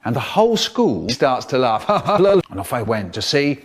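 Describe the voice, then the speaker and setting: A man telling a rambling, crude comic story about a school day, with sudden leaps in pitch and loudness. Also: sing-song, a little slow.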